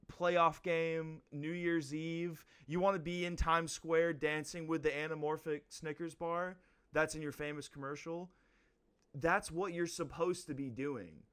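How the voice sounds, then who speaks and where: A young man co-hosting a podcast, talking in a measured, advice-giving way with lots of "like" fillers. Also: fairly high pitch, fairly bright tone, clean tone. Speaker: podcast co-host. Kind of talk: casual podcast chat.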